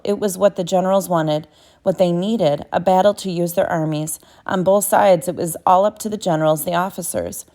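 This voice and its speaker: A woman's voice: on the low side, warm tone. A woman narrating a novel as an audiobook, reading steadily with small self-corrections.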